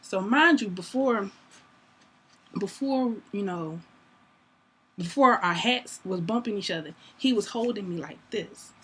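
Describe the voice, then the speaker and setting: A young woman telling a story to camera in a casual, animated way, acting out both sides of a conversation and laughing often. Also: mid-range voice, unhurried, long pauses, breathy edge. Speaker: vlogger.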